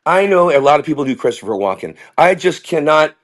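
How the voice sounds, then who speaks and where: Animated rambling male comedian. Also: a little high, a little fast. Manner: rambling, animated, slips into impressions. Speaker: comedian guest. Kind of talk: casual interview storytelling. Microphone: video call.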